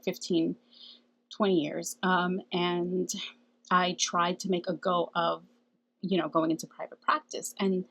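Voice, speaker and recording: Husky-voiced woman chatting earnestly. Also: fairly low pitch, low-quality recording. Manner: chatty, earnest, laughs often, asks "okay?". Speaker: spiritual channel host. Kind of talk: casual spiritual talk to camera.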